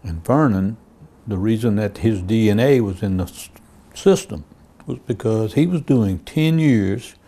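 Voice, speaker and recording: Lower-pitched male cop telling case stories for a crime interview, plainly told, voicing the exchanges. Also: animated, unhurried, warm tone. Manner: plain storytelling, acts out quoted dialogue. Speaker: police officer. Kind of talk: true-crime interview recounting cases.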